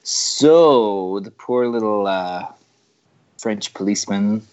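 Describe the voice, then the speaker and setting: Low-voiced easygoing man, lo-fi. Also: takes it slowly, a little mellow. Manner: easygoing, self-deprecating. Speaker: podcast co-host. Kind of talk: casual chat. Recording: dull lo-fi sound.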